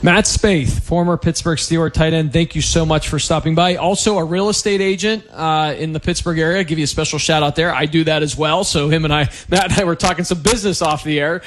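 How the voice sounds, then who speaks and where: A man interviewing a guest for a sports radio show, chatty and quick to laugh along. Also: a little high. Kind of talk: casual interview.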